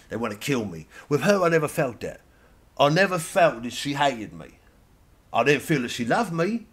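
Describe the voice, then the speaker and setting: A man's voice: fairly low pitch, a bit bright, husky. A man playing a sweary Irishman on television, ranting and rambling with an Irish accent. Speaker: comedian. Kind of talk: satirical character monologue.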